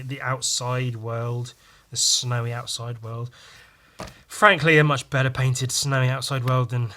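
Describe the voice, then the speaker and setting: A man's voice: mid-range voice, bright, forceful tone. A man hosting a podcast, paging through a comic with casual, profane, rambling and jokey commentary. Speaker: podcast host.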